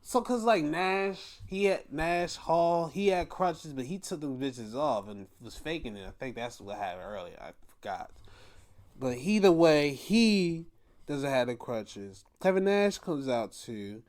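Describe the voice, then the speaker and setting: A man's voice: on the high side, big pitch swings, measured pace, darkish tone. A young man hosting a podcast, giving a profane, exasperated rant in casual commentary. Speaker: podcast host.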